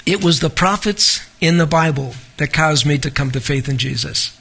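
A male preacher with a high, forceful voice works through a passage of scripture. He stops often to comment and asks his congregation pointed rhetorical questions. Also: moderate pace, gravelly, slight background noise. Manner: reads scripture aloud and comments in between. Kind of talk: expository sermon.

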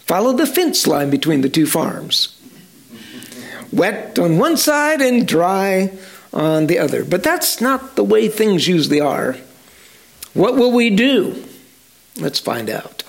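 A man telling a story in a sermon, slowly and dramatically, speaking directly to his listeners. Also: a little high, gravelly. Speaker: storyteller preacher.

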